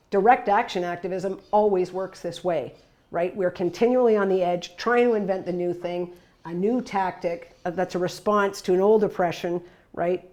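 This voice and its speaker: Emphatic woman giving a talk. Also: fairly low pitch. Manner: emphatic, conversational, frequent tag questions; lively storytelling with sudden bursts of loudness. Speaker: workshop presenter. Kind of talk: presentation to workers.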